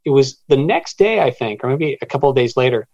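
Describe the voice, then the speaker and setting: A man's voice: medium pitch, lively intonation, fairly quick, vocal fry, a little mellow, no room sound, lo-fi sound. A man being interviewed about his book, retelling a strange encounter with many stammered restarts and quoted voices. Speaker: author guest. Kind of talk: storytelling interview.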